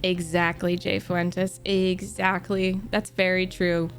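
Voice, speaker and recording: Young woman, book streamer, excitable, casual, swears, faint music behind. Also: on the low side, slow pace. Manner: excitable, swears, laughs often. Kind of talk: casual chat with viewers.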